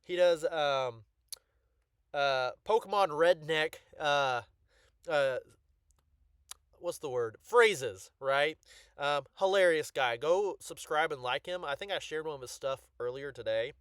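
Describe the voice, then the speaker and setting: A man with a fairly high voice talks casually and excitedly about his collection, stumbling over restarts and filling pauses with ums. The sound is dry and close, with no room around it. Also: smooth, no room sound. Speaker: card collector YouTuber.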